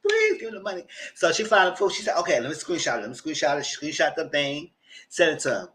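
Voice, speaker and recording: Animated man retelling a TV story. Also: fast talker, a little hiss or hum. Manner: dramatic retelling, jumps into squealing high voices for quoted people; loud and expressive with swearing and "girl", "y'all" asides. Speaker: channel host reviewing TV. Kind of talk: animated casual recap.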